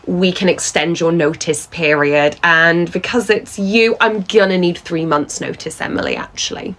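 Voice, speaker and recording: A woman's voice: lowish voice, expressive, normal speed, fairly bright tone, low-quality recording. A woman playing a bossy pub manager. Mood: insistent. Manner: condescending, patronizing, relentless. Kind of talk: comedy sketch acting.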